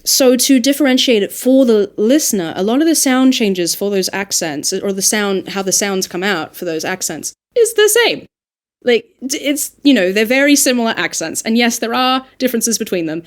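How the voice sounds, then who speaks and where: A woman who works as a dialect coach, talking through ideas aloud in a casual podcast discussion, emphatic and lively. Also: a little high.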